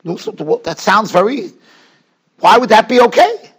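High-voiced, husky rabbi lecturing. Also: male voice, huge pitch swings, moderate pace, fairly bright tone. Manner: explanatory, repeats words while building an argument, mixes in Hebrew and Yiddish terms. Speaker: rabbi teaching a Talmud class. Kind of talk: lecture on Jewish law, explaining and questioning. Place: yeshiva study hall.

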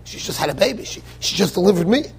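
Newborn baby voiced by a man, hungry, mock-innocent, hushed, gravelly. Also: high voice, sing-song, fast, full character voice. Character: hungry newborn baby justifying waking mother.

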